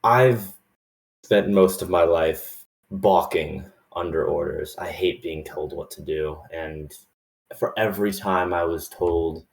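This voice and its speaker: A defiant male elf who bristles at orders and speaks with blunt, measured resolve, played by a man. His voice is low and unhurried, each word weighed. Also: creaky, reverberant, heavily acted. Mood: resolute.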